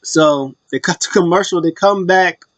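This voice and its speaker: A man's voice: medium pitch, moderate pace, no room sound. A man giving a casual, rambling recap full of fillers and restarts. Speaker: wrestling recap vlogger. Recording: dull lo-fi dry sound.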